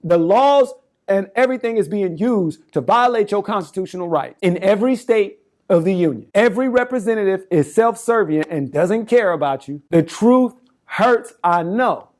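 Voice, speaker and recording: High-voiced man in his forties, fervent. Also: lively intonation, normal speed, darkish tone. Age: 40s. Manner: fervent, rambling, speaks in slangy casual speech with many restarts. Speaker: self-styled political campaigner. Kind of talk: impassioned direct-to-camera monologue.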